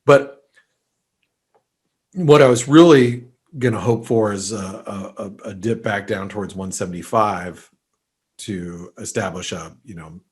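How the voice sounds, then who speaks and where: Man, low husky voice, rambling market commentary webinar, lots of fillers. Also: a little slow. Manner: rambling, many fillers and restarts. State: allergies, sneezy. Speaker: market analyst host.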